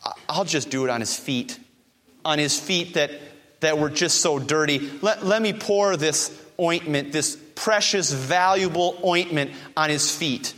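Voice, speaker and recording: A man's voice: on the high side, a little slow, fairly bright tone, pitched below the performer's own voice. A man voicing a repentant, grateful woman who halts and pleads earnestly, in a long hall reverb. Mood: humble.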